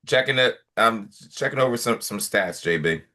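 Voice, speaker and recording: A man's voice: on the low side, lively intonation, moderate pace, sharp tone. A man on a casual sports podcast, speaking hesitantly and trailing off as he thinks. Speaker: podcast co-host.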